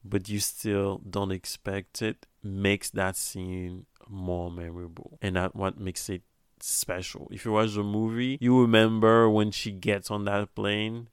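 Man in his 30s, low gravelly voice, loose rambling movie commentary full of restarts. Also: little pitch movement, a little slow, no room sound, clean studio sound. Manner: rambling, with frequent restarts and quoted asides. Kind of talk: casual movie recap.

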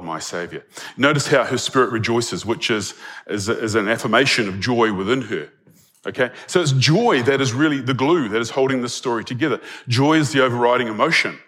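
A man's voice: medium pitch, fairly bright tone. A man preaching a sermon in a conversational way, often checking in with his listeners and chuckling between points. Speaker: pastor.

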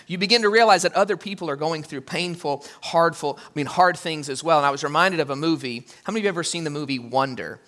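A male pastor preaching in a bright, ringing voice that sits a little high. He talks in an animated way and acts out little quotes with big leaps in pitch. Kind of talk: sermon.

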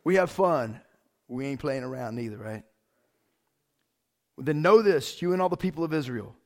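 A man preaching a sermon as pastor, casual and excited, with big swells in volume. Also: medium pitch, normal speed.

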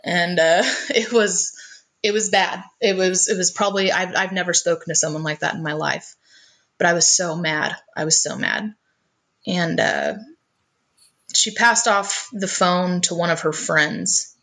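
A woman's voice: on the low side, a little slow, vocal fry, fairly bright tone. A woman telling a personal family story in conversation, earnest and often repeating her first words as she goes.

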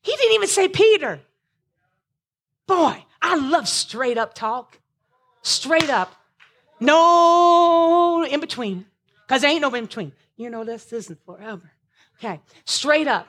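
Husky impassioned woman preacher. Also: sits high, expressive, measured pace. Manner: impassioned, rising to shouts and breaking voice. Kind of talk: sermon.

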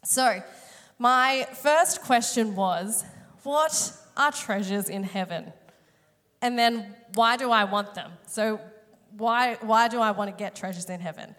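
A woman's voice: fairly high pitch, slow pace, a bit bright. Chatty woman preaching in a reverberant hall. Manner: chatty, self-mocking storytelling with many fillers. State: voice a bit strained today. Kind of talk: sermon with personal story.

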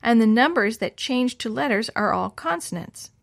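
Woman doing a bright eager schoolgirl. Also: fairly high pitch, lively intonation, moderate pace, creaky, no echo, studio quality.

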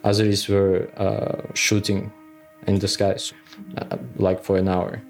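A man speaks in a low, flat voice as he recounts events in an interview. He talks haltingly, with many fillers, and faint music plays in the background. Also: vocal fry. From Nagorno-Karabakh. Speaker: interviewee recounting his war experience. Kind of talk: conversational interview recollection.

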